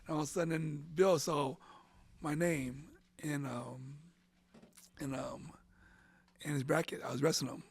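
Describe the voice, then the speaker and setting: Rambling through an emotional story as an interview guest, this middle-aged central Florida man keeps saying "and all of a sudden" and occasionally sinks almost to a whisper. He speaks a little slowly and pauses often, his high-leaning voice steady, creaky, a little mellow and slightly rough, with no room sound.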